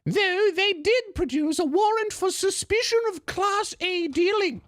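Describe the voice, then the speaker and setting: A man voicing a near-blind young English woman in a prim falsetto with an English accent, reading her own email for comedy. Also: expressive, measured pace, fairly bright tone, no echo, studio quality, full character voice.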